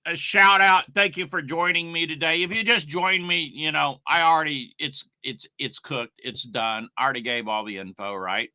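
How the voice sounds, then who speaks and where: A man's voice: on the high side, fairly even intonation, moderate pace, few pauses, pushed and bright, no echo. A middle-aged man teaching online marketing on a casual live stream, rambling and emphatic, with asides to his viewers.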